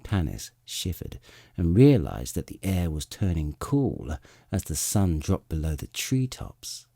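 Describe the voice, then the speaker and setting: A man narrating a fantasy audiobook with expressive storytelling. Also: deep voice, creaky, slightly rough, no room sound, studio quality.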